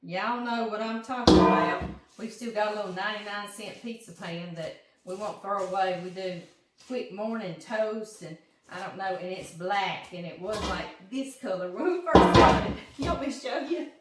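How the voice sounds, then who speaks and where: A chatty Southern woman from Louisiana talks straight to her viewers while she cooks. Her voice comes from a distance in an echoey home kitchen, with clear background noise around her. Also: medium pitch, normal speed. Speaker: home cooking vlogger. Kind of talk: casual kitchen chat. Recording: roomy kitchen, mic at a distance, noisy.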